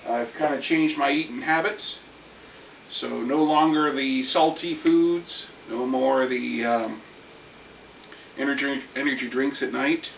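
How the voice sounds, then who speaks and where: A man's voice: medium pitch, takes it slowly, vocal fry. Rambling man in an echoey room. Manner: rambling, animated, swears. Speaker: vlogger ranting about anime. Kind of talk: casual rant. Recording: echoey room, far from mic, faint hiss.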